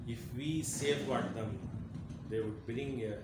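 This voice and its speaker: A man's voice: mid-range voice, unhurried. A man giving an emphatic lecture, repeating key phrases. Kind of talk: motivational lecture. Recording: very echoey room, faint noise.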